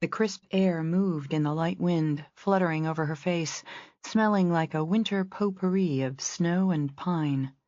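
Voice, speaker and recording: A woman narrating a romance novel as an audiobook in a steady, descriptive reading. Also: fairly low pitch, measured pace, dry recording, muffled recording.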